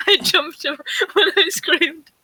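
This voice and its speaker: A woman playing a tabletop game, excitable, giggly, chatting casually. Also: very high voice, slow pace, no room sound. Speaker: player. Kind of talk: casual tabletop play chat.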